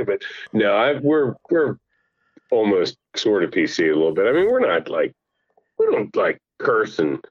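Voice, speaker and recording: A middle-aged man chatting as a podcast guest over the phone, telling family stories in an animated, laughing way. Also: on the low side, normal speed, slightly rough, no room sound. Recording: dull lo-fi phone line.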